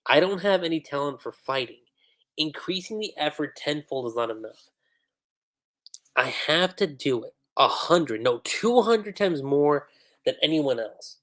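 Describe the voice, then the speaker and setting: Earnest young recruit, set on training harder, slow and lively, read by a man. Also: fairly high pitch. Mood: determined.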